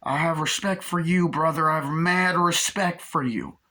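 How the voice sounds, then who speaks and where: A man doing a quick impression of an excited male Vietnam vet from a film, pushy and swearing as he insists on buying a stranger a beer. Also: on the high side, voice pushed up. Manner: over-eager, pushy, swearing.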